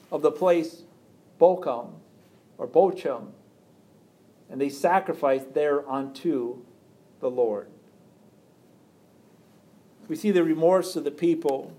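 A man preaching a sermon, reading scripture aloud and explaining it with rhetorical questions, dropping quiet for emphasis. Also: on the high side.

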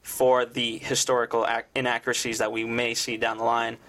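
Bright-voiced male panelist sharing details. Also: medium pitch, monotone, fairly quick.

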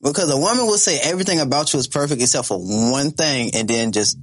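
A man in his twenties telling a story in casual podcast chat, animated and profane, laughing as he talks. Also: medium pitch, fast talker. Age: 20s. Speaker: podcast co-host.

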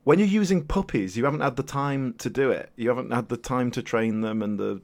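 A man's voice: medium pitch, brisk. A man co-hosting a podcast, chatting casually about a film and teasing the others with dry quips. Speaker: podcast co-host. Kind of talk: casual film review chat.

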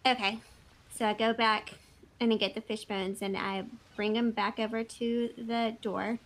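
A woman's voice: on the high side, level tone, a little slow, poor audio. A woman playing a tabletop game, speaking hesitantly and laughing at her dice rolls. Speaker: player.

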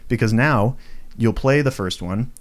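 A man's voice: mid-range voice, measured pace. A young man hosting his own podcast, ranting casually, swearing freely and filling his talk with fillers and self-mocking asides. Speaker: podcast host. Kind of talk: casual solo podcast rant. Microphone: home recording setup, tripod for video.

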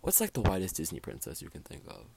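A man's voice: deep voice, fast, vocal fry, breathy edge. A teenage boy hosting his own podcast from a small closet, rambling casually with lots of fillers. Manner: rambling, filler-heavy, animated. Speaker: podcast host. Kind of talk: casual solo podcast chat.

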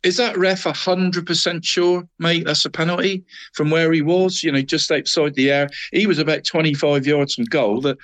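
A chatty co-host with a lilt, going on at length about a match. His voice sits a little higher than most men's, and he peppers every sentence with "mate" and tag questions. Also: steady tone, moderate pace, fairly bright tone. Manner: rambling, says "mate" constantly. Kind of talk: casual football chat.

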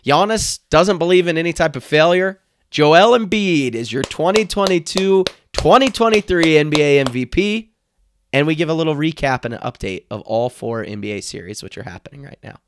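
A man hosting a casual sports podcast, his voice hoarse and strained, talking with excited energy. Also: fairly high pitch, normal speed, slight background noise. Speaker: podcast host.

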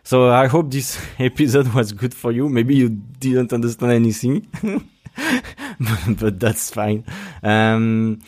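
This young man from Brittany, France, hosts a relaxed solo podcast, and his French-accented speech is full of restarts and fillers. He talks slowly in a medium-pitched, darkish voice with a steady tone.

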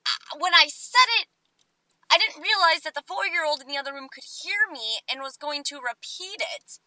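A woman in her twenties telling a story on her vlog, chatty and animated, acting out what people said. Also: sits high, moderate pace, no echo, rough recording. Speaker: vlogger.

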